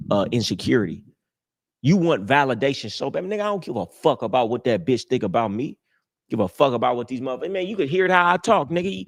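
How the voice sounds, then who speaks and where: A young man talks straight into his streaming mic, hosting a live show. He sounds brash and boastful, his talk full of profanity and street slang. His voice sits at an ordinary, mid-range pitch. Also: vocal fry. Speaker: livestream host.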